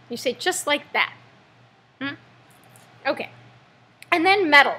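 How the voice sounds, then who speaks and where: Playful, bright-voiced American teacher woman. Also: high-pitched, sing-song, unhurried, gravelly, long pauses. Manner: playful, jokey asides. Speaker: English teacher. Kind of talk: vocabulary lesson video.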